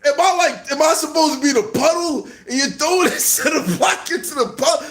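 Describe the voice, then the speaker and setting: A man telling a mocking story in a loud, animated way, laughing often and shouting at times. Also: extremely high pitch, brisk. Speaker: host. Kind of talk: casual storytelling rant.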